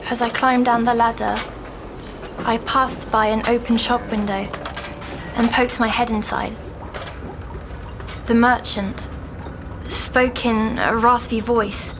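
A fragile, haunted young woman in an audio drama, speaking slowly in a hushed, half-whispered way. Her voice sits fairly high but barely rises or falls, as if held flat by fear. A constant noisy hum runs under the recording. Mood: urgent recall. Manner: hushed, often whispering, halting. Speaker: patient recounting dreams.

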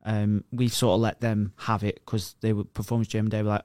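A man's voice: on the low side, flat delivery, a little fast, few pauses, a little mellow, no room sound. A man co-hosting a podcast, blunt and teasing, swearing often. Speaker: podcast co-host. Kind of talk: casual banter.

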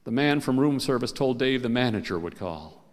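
A man telling a comic story live on a concert stage, animated and playful and acting out the characters. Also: mid-range voice, normal speed. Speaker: storyteller and radio host. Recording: live concert recording with hall reverb.

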